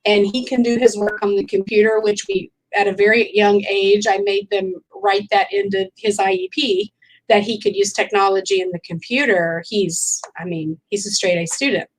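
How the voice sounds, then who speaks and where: A woman's voice: medium pitch, normal speed, low-quality recording. A woman, a mother and teacher, explaining earnestly in a casual video chat.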